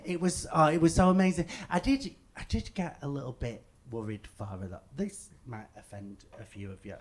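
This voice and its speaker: A man in his thirties with an English accent, doing a stand-up comedy set. He talks in an animated way and rises to loud outbursts for punchlines. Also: fairly high pitch, moderate pace, noisy background. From England. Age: 30s. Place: comedy stage before a live audience.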